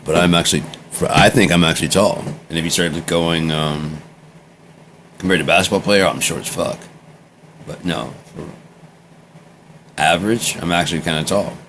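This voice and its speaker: A man's voice: low-pitched, steady tone, normal speed, pauses often, fairly bright tone, slight background noise. An American man talking casually in a meandering, drifting monologue, trailing off and jumping between topics. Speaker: vlogger recording a personal journal.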